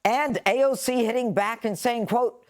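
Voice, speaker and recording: A woman's voice: on the high side, moderate pace. A woman hosting a panel show, reading a scripted opener in a punchy, mocking way.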